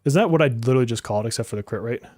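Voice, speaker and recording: A man's voice: medium pitch, rapid-fire, a little mellow, dry recording, clean studio sound, faint music behind. A man streaming a game live, joking and exasperated, often swearing and laughing as he talks to his viewers. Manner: talks to chat viewers directly. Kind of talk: live-stream gaming commentary.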